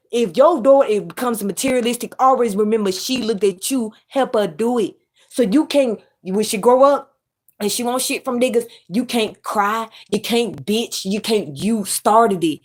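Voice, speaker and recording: A woman's voice: on the high side, moderate pace. Blunt, profane woman ranting. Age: adult mother. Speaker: commentary YouTuber. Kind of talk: ranting commentary.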